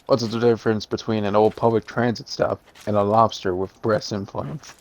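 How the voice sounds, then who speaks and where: A young man co-hosting a gaming stream, telling corny jokes in a deadpan way. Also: lowish voice, moderate pace. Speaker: co-host of a gaming channel. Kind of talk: casual let's-play banter. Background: game music.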